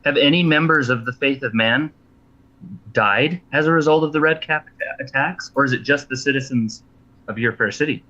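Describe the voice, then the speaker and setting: A man's voice: medium pitch, moderate pace, bright, forceful tone. A man playing a tabletop game who argues his character's case in hesitant, restarting sentences. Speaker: player. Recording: dull lo-fi audio.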